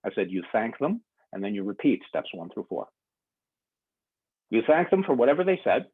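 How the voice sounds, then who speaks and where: A man leads a conference workshop, his husky voice rising and falling with lively swings of pitch. He tells a story and animates the dialogue as he goes. The sound is narrow and tinny, like a phone line. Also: normal speed. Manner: animated, acts out both sides of a conversation. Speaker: workshop speaker.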